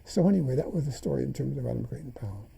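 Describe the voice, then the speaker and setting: A man's voice: mid-range voice, lively intonation, rapid-fire, gravelly, dark tone, breathy edge. An older man in an interview, telling memories as stories and acting out the dialogue he recalls. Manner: anecdotal, acts out remembered dialogue. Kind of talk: reminiscing interview storytelling.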